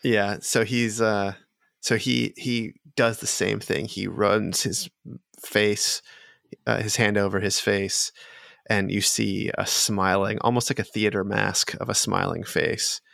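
Game master, male, low gravelly voice, dry close sound, hesitant narration. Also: fairly even intonation, a bit bright, dry recording. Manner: halting, full of fillers and laughs.

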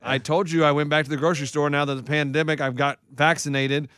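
Fast-talking joking male co-host. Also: on the high side, flat delivery, a bit bright, clean tone, no room sound, clean studio sound. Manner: joking, quick one-liners. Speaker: radio co-host. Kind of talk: casual banter.

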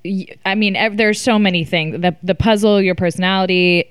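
A woman's voice: medium pitch, fairly even intonation, smooth, no room sound, studio quality. A woman hosting a casual interview, chiming in with supportive short replies and reading out listener questions. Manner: supportive, quick backchannels. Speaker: podcast host. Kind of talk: casual chat.

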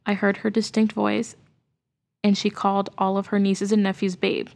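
A woman's voice: mid-range voice, little pitch movement, normal speed, gravelly, a little mellow. A woman co-hosting a podcast, reading a listener's ghost story aloud in an earnest way and getting emotional as she reads. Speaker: podcast co-host.

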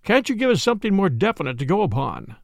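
A man reading a brisk, blunt police inspector. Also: high-pitched, very animated, vocal fry, no echo, clean studio sound, full character voice. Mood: probing. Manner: blunt, questioning. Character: brisk middle-aged male police inspector. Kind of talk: audiobook character reading.

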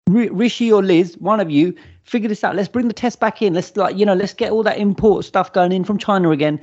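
A man chatting casually on a podcast, animated and full of stammering restarts, on a dull lo-fi recording. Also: sits high, fairly quick. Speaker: podcast co-host. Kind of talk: casual chat. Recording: dull lo-fi sound.

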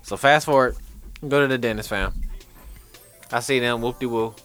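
A man on a casual podcast tells a story in loose street slang and often laughs mid-sentence. His pitch leaps around as he acts out what he said, and faint music sits under his voice. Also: moderate pace, clean tone. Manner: animated, slangy, laughs while telling stories.

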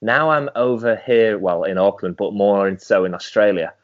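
A relaxed Englishman hosting a podcast and laughing easily as he chats. His voice comes over a call from a hotel room and sounds dry and dull, with no room echo. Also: on the low side, normal speed. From England. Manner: laid-back, laughs easily. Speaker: podcast host. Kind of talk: casual interview chat over a call. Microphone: internet call.

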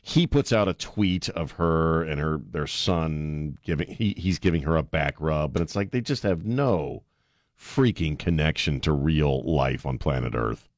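A man hosting a radio talk show, mocking and opinionated in a sarcastic, animated way. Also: very deep voice, unhurried, no room sound.

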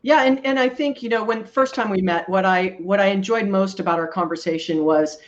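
A woman's voice: medium pitch, fairly quick, dull audio. A woman hosting a live video interview, speaking in an affirming, conversational way.

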